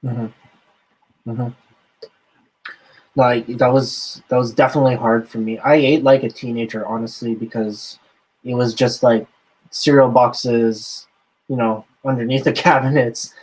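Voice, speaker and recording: Male host, easygoing and filler-heavy, mid-pitched. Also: steady tone, unhurried, pauses often, a little mellow, husky, low-quality recording. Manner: loose, filler-heavy talk. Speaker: podcast host. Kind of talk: casual chat.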